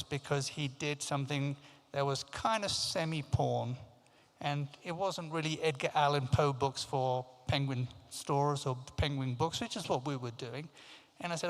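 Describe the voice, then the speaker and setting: A man's voice: mid-range voice, moderate pace. A man in his fifties from Africa, raised in England, telling anecdotes at a forum and acting out the voices of the people in his stories. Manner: lively anecdotal storytelling, acting out quoted voices. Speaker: keynote speaker. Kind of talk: storytelling talk. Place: large conference hall. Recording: long hall reverb.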